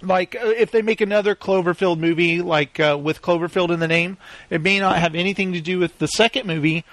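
A man hosting a casual movie chat, rambling with lots of "like" fillers and quick to laugh. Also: high-pitched, fairly bright tone, dry recording.

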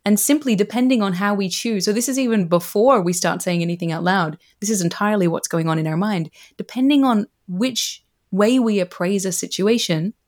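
A woman's voice: medium pitch, a little fast, a little mellow. This is a woman researcher appearing as a podcast guest. She explains ideas in an earnest, conversational way. She often adds "you know" as she talks. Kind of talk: casual conversational interview.

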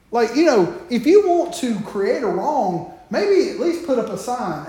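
A man's voice: extremely high pitch, sing-song, unhurried, hardly any pauses, dark tone, very echoey. A man preaching a sermon, talking straight to the congregation with joking asides.

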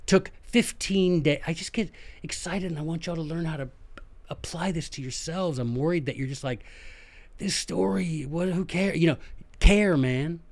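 A man with a Southern American drawl tells history on his podcast like he's chatting with friends. He's animated and folksy, and he talks right to his listeners. His voice sits a bit high for a man. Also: moderate pace. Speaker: podcast host. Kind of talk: casual history storytelling.

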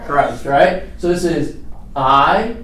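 A man leading a Bible study class in a relaxed way, often checking in with "okay" and asking his listeners questions. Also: mid-range voice, brisk. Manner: conversational, asks questions, often says "okay". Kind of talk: casual classroom teaching. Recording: echoey room.

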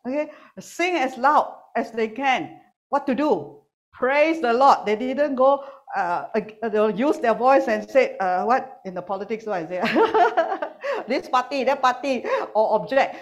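Animated woman preaching with teasing humor. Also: high voice, unhurried. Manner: animated, teasing, swings between loud and quiet. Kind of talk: sermon with humor. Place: church hall with online congregation.

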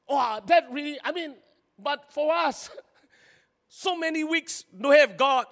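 A male pastor, preaching a sermon in an animated, exclaiming way, with many repeated words and sentence particles. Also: very high-pitched, takes it slowly, in a large hall.

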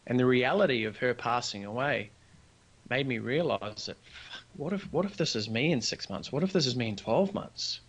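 A man's voice: medium pitch, normal speed. A man, a business founder telling a personal story as a podcast guest, earnest and acting out the dialogue. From New Zealand. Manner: earnest, animated storyteller who acts out quoted dialogue.

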